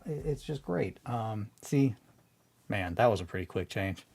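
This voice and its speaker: A man hosting a hobby video, talking in a casual, rambling way, swearing freely and trying to calm down from a bad mood. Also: fairly low pitch, measured pace, vocal fry. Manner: excitable, rambling, swears freely, restarts often.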